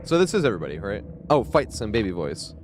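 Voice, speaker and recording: A man chatting casually on a live game stream, excitable and profane, laughing often. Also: on the low side, fast talker, slight background noise.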